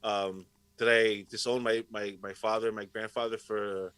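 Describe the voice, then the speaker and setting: A man's voice: fairly low pitch, normal speed, clean tone, no room sound, low-quality recording. A man guesting on a podcast, telling stories in casual chat with constant swearing. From Puerto Rico heritage, raised in Rhode Island area. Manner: swears constantly, animated storytelling.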